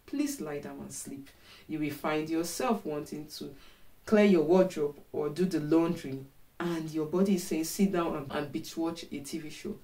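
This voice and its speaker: Young adult woman, casual advice vlogger; low, warm, relaxed delivery, chatty and reassuring. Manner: chatty, encouraging, repeats "you know".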